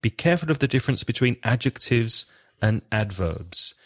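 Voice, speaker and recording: A man's voice: medium pitch, lively intonation, moderate pace. A man co-hosting an English-learning podcast, explaining grammar in a patient teacherly way. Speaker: podcast co-host.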